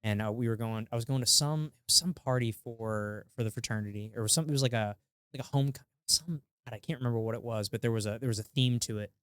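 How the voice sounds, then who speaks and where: Man with a smooth voice chatting. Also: medium pitch, fast talker, a bit bright, no echo, studio quality. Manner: hesitant, restarting sentences. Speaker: podcast co-host. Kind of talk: casual chat.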